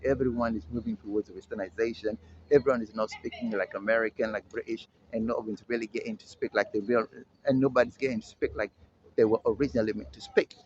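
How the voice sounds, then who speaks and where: A man from South Africa giving an emphatic opinion monologue as a vlogger, insistent and repeating his points with slangy asides. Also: on the low side. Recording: slightly dull audio with faint ambient hiss.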